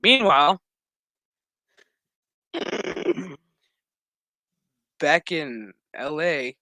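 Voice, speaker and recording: A man hosting a casual recap, rambling and swearing as he acts out scenes. His voice is bright, forceful and a little high. The recording is dry and close. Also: extremely slow, no room sound. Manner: rambling, profane, animated. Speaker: host.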